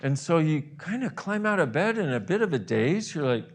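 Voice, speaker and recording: A man in the role of a self-help host guides listeners through an imagined morning in a visualization talk. He's animated, voicing their inner reactions with gasps and exclamations. His voice is a little high and he speaks at a normal speed.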